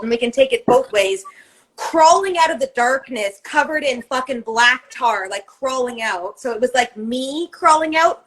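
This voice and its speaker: A woman's voice: high-pitched, fairly bright tone, low-quality recording. A woman co-hosting a podcast in casual chat, candid and emphatic, swearing freely and acting out the voices in her head. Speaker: podcast co-host.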